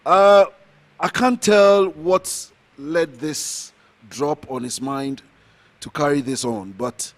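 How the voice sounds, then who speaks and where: A man's voice: fairly high pitch, slow. Hesitant man introducing a speaker. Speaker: event emcee.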